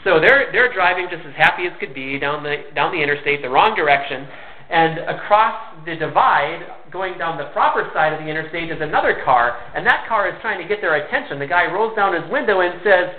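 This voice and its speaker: A pastor delivers a sermon at a fairly quick pace, his voice slightly high, earnest and conversational, and he sometimes stumbles over a word and repeats it. The recording sounds tinny, thin and narrow, like a phone line.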